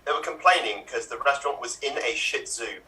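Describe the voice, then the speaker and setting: A man's voice: mid-range voice, brisk, bright, forceful tone, far from the mic, rough recording. A man taking part in an improv show, talking in a playful, chatty way, heard from off the mic. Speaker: improv performer.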